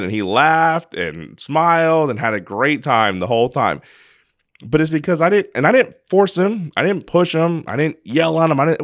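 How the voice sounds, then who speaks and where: A man's voice: on the high side, lively intonation, moderate pace, dry recording. Earnest storytelling man, dry close mic. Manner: earnest, storytelling, with many restarts. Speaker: podcast co-host. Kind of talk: casual podcast chat.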